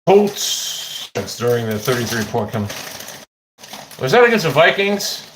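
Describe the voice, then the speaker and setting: Man, casual livestream chat, rambling, profane, lively pitch, echoey kitchen, phone audio. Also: a little slow, background noise. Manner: rambling, profane, easily excited. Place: home kitchen.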